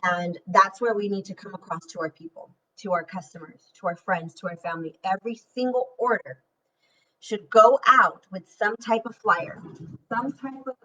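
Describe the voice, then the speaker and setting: A woman leading her direct sales team in a chatty, energetic motivational talk, calling her listeners "you guys". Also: medium pitch, moderate pace, distant mic, slight background noise, rough recording.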